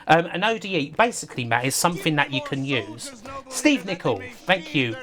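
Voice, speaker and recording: A man's voice: on the high side, lively intonation, moderate pace, a bit bright, a little hiss or hum. A man giving casual, rambling livestream commentary over a game, laughing often and talking to his chat. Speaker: streamer.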